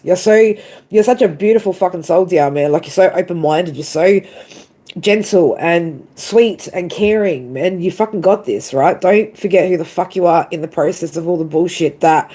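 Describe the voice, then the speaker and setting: A woman's voice: on the low side, mellow. A woman doing a live tarot stream, tearful and emotional, swearing freely and tagging lines with "right?" and "man". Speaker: tarot reader.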